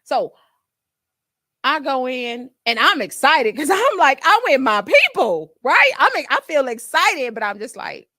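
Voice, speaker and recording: A woman nurse hosting her own show, chatting to listeners in a lively way and acting out her own past reactions. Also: high voice, measured pace, no room sound, studio quality. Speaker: nurse and podcast host. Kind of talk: casual storytelling to listeners.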